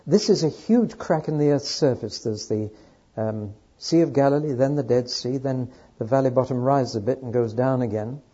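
Husky-voiced man teaching from the Bible. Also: mid-range voice, normal speed, dull audio. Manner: earnest storytelling lecture, dropping to quiet asides. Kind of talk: teaching a Bible overview to an audience.

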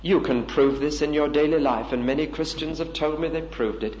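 A man's voice: on the high side, normal speed, darkish tone, a little hiss or hum. Male preacher, emphatic sermon delivery, roomy echo. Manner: earnest, emphatic preaching with rhetorical questions. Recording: roomy, dull lo-fi recording.

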